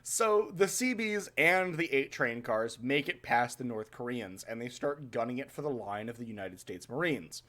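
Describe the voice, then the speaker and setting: A man hosting a casual podcast, telling a history story in an animated, swearing, laughing way. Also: mid-range voice, normal speed, hardly any pauses. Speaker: podcast host.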